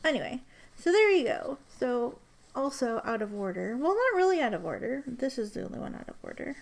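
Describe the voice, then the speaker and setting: Chatty young woman with a fairly high voice. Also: big pitch swings, fairly quick, vocal fry. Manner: chatty, rambling, lots of fillers. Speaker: ink vlogger. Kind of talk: casual chat.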